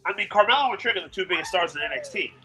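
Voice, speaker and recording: A man co-hosting a casual wrestling podcast, adding short, quick remarks. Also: high-pitched, lively intonation, bright, forceful tone, soft background music. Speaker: podcast co-host.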